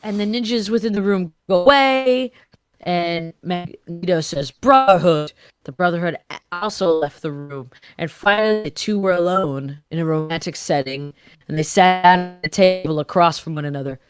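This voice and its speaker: A woman's voice: fairly low pitch, moderate pace, clean tone, no echo, faint music behind. A woman hosting a comedy podcast, reading fan fiction aloud with playful asides. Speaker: podcast host.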